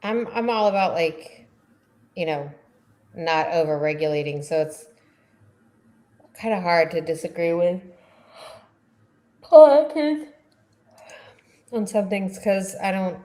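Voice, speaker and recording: A woman's voice: lowish voice, expressive, slow, pauses often, dark tone. A tired woman co-hosting a casual chat, rambling and chatty, yawning now and then. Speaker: co-host.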